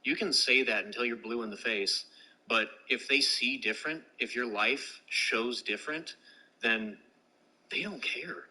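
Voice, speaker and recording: A man's voice: medium pitch, measured pace, sharp tone, low-quality recording. Earnest man rambling with fillers. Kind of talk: casual podcast discussion.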